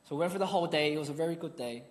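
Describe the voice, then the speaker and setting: A man with a fairly high voice delivers a sermon, weaving in a personal story in an earnest, conversational manner. His voice carries a long reverb, as if from a large hall. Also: rapid-fire. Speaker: preacher.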